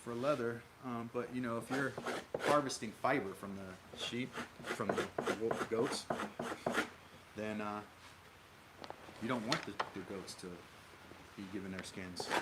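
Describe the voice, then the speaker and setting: A man from Minnesota hosts a relaxed livestream in a mid-range voice, talking loosely and circling back on himself as he answers his viewers. Loud background noise and clicking run under his voice throughout. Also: medium pitch, measured pace, pauses often. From Minnesota, USA. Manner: rambling, answers chat aloud, many fillers and restarts. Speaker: livestream host. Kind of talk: casual livestream chat with viewers.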